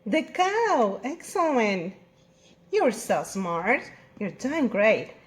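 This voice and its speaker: A woman with a Spanish accent teaching English to young children in a slow, sing-song, encouraging way. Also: on the high side, very animated, reverberant. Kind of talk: recorded online lesson for young children.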